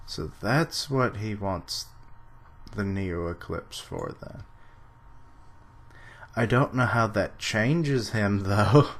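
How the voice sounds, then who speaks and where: Slow-talking man reacting to a manga. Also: on the low side, fairly bright tone. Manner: reads panels aloud then comments, dry sarcastic asides; clears throat, mentions allergies. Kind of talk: casual live reading and reaction.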